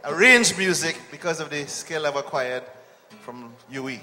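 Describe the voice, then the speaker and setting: A man's voice: on the high side, moderate pace, bright, forceful tone, in a large hall, soft background music. A man, a church musician, speaking earnestly on a television appeal. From Trinidad. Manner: earnest, preachy.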